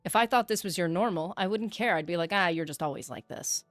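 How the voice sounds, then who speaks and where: A woman's voice: fairly low pitch, fast, no echo, soft background music. A woman streaming a game, chatting with her viewers in a reflective, talkative way. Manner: chatty and reflective, reads chat aloud. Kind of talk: casual livestream chat.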